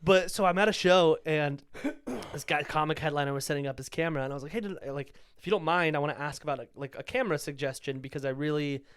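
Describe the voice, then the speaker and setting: A young man co-hosting a casual comedy podcast, telling animated stories and jumping into high squeaky voices when he quotes people. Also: fast talker, clear, resonant tone, no echo, clean studio sound. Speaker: podcast co-host; stand-up comedian. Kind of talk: casual chat.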